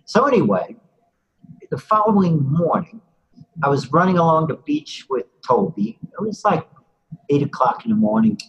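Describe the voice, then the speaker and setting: A man's voice: on the high side, big pitch swings, moderate pace, husky, dull audio. An older man being interviewed who tells a story in a rambling, casual way, full of "you know" asides.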